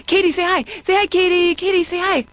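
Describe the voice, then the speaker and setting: A woman voicing a wry cartoon patient who tells a story and mimics people in shrill voices. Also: steady tone, a little fast. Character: wry woman therapy patient telling an anecdote. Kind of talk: stand-up style anecdote.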